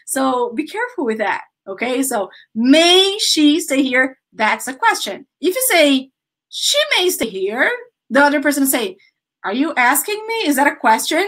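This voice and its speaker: Teaching an English grammar lesson, a woman with a Brazilian Portuguese accent drills her students with example sentences, lively and often laughing. Her voice sits high and she keeps a moderate pace.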